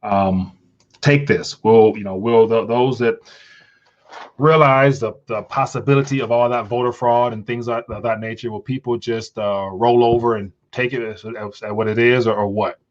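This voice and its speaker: A man's voice: medium pitch, fairly even intonation, moderate pace, dull audio. A man hosting a casual livestream, talking in a rambling way with frequent restarts and stumbles. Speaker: livestream host.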